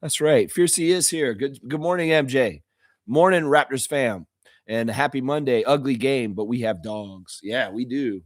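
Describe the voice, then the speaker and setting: A man hosting a live fan reaction stream, hoarse and tired from shouting at a game, talking in an emotional, excitable, rambling way. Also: mid-range voice, normal speed, no echo, clean studio sound. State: hoarse, voice worn out. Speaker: fan channel host.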